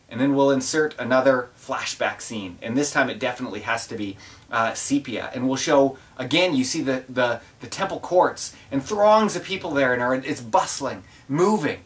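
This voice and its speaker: A pastor preaching a sermon that tells scripture like scenes in a film. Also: male voice, mid-range voice, expressive, moderate pace, recorded from a distance. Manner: vivid, cinematic storytelling.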